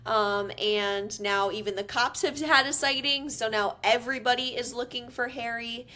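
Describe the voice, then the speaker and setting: A woman co-hosting a podcast, casually recapping a film with relaxed ums and likes. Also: on the high side, normal speed. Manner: easygoing storytelling with frequent ums and likes. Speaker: podcast co-host. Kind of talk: casual movie recap chat.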